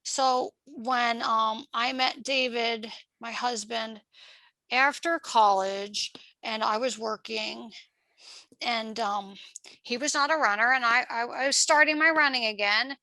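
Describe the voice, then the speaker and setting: A middle-aged woman from Pennsylvania tells her story as a guest in a chatty, lively way, slipping into the voices of people she talked with and laughing often. Her voice sits a little high, bright, with a gravelly fry. The sound is close and dry. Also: slow pace, no room sound, rough recording. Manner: chatty, acts out past dialogue, laughs often. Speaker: podcast guest, marathon runner. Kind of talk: personal storytelling.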